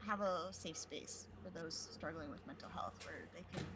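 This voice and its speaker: A soft-spoken, quiet woman chatting casually as a guest on a stream, laughing often. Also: deep voice, moderate pace, background noise. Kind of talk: casual chat. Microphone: home streaming mic.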